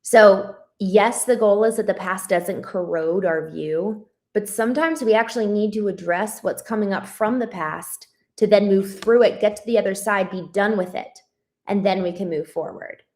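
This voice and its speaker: A woman's voice: mid-range voice, normal speed. A woman hosting a live spiritual study stream, reflecting and greeting viewers from the chat in a casual, rambling way. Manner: warm greetings to viewers, frequent ums and restarts.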